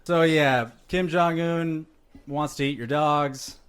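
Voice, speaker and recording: A man's voice: a little high, steady tone, slow pace, fairly bright tone, clean tone. A man co-hosting and editing a podcast, talking casually, explaining things and teasing his friends. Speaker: podcast co-host and editor. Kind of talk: casual chat.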